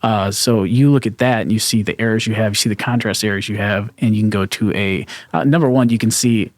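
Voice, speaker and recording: A man's voice: fairly low pitch, steady tone, a little fast, hardly any pauses, dry recording. A man on a podcast explaining web accessibility tools in a loose, rambling way with plenty of fillers. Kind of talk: casual podcast chat.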